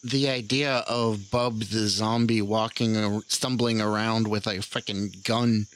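A man's voice: on the low side, steady tone, a little slow. A man in a casual film discussion, laid-back, mostly giving short agreeing replies with some casual swearing.

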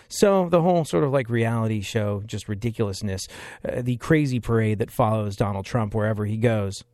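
A man's voice: on the low side, a little fast, a little mellow, no room sound, clean studio sound. A man giving sarcastic political commentary, emphatic and repeating phrases for effect.

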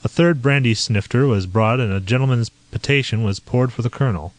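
A man narrating a novel as an audiobook reader in a steady, even storytelling manner. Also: medium pitch, fairly quick, no echo.

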